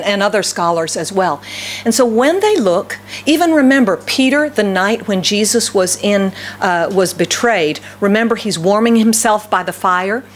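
A woman's voice: mid-range voice, slight background noise. A woman pastor from the southern United States with a light Southern accent, preaching a sermon and asking her congregation many rhetorical questions.

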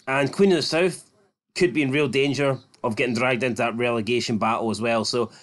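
Scottish guy on a footy show, blunt and sweary, middle pitch, cracks jokes. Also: brisk. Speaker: football show co-host. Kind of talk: casual football chat.

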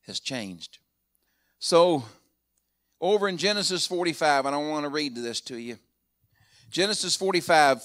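A man, a pastor, preaching a sermon in a storytelling way, retelling a scripture story and voicing its quotes, building up loud at key points. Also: a little high.

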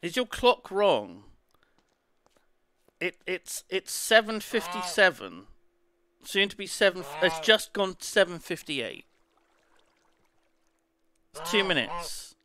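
A man hosting a live gaming stream, excitable and laughing, swearing freely as he chats. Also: sits high, slow, long pauses. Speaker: streamer host.

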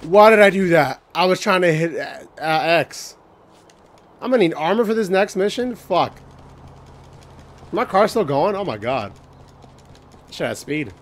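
A man casually commentating a video game playthrough, excitable and joking, swearing often and singing bits to himself. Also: sits high, a little slow, pauses often. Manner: excitable, swearing, jokey, sings snippets. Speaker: gaming channel host. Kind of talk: let's play commentary.

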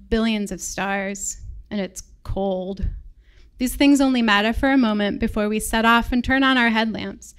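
A woman with an American accent reads her own story aloud to a live audience. Her voice is smooth and clear at a middling pitch, and she tells it in a reflective, measured way. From England. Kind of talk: personal story read live on stage.

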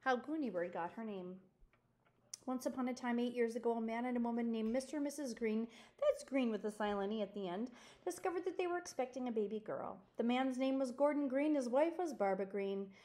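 A woman reading a children's chapter book aloud in a teacherly way, pausing to point things out to listeners. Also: fairly high pitch, warm tone. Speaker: reader.

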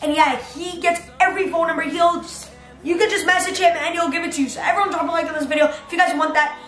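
A woman vlogging in an excitable, dramatic way, reading out chat messages and stretching some phrases out slowly. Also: very high voice. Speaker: YouTuber. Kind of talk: excited vlog narration reading out text chats. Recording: echoey room with background music.

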